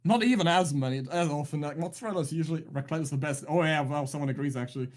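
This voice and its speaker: Male stream caster, slightly higher voice, dry teasing banter. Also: quick pace. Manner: teasing, deadpan jokes, rambling restarts. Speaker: esports caster. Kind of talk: casual live-stream banter.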